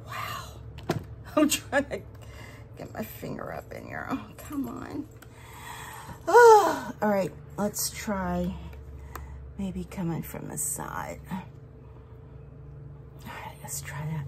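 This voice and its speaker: A woman chatting to her viewers as she works on a craft project, excitable and talkative. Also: mid-range voice, a little hiss or hum. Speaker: resin craft vlogger. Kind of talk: casual crafting vlog chat.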